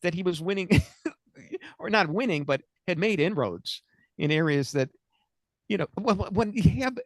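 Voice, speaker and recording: A man in his sixties with a voice that sits high hosts a comedic political talk radio show, sounding animated at a measured pace. He rambles, jokes, and interrupts himself, recorded on a studio mic with no echo.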